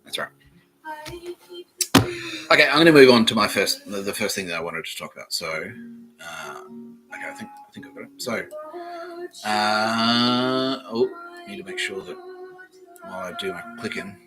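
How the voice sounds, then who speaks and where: A man's voice: on the low side, wildly swooping pitch, normal speed, long pauses, music in the background, poor audio. A man with an Australian accent hosting a comedy podcast, rambling through a jokey monologue, swearing often and laughing at his own jokes. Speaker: podcast host.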